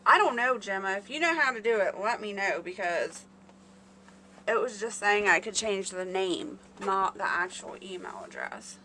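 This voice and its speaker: A woman's voice: medium pitch, animated, moderate pace, pushed and bright, slight background noise. A woman hosting a casual live stream, rambling and chatting with her viewers by name. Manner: chatty, rambling, talks to chat readers by name.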